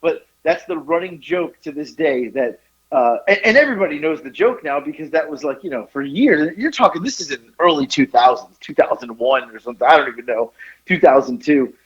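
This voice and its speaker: A man telling a funny story on a podcast, animated and often laughing at his own tale. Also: a little high, fairly quick, dull audio. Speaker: podcast co-host. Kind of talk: casual storytelling chat.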